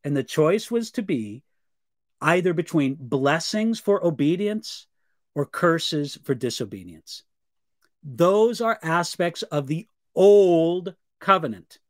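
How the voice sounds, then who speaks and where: High-voiced man, a pastor, answering questions. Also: no room sound, clean studio sound. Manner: earnest, measured, reads viewer questions aloud. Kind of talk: live Q&A teaching.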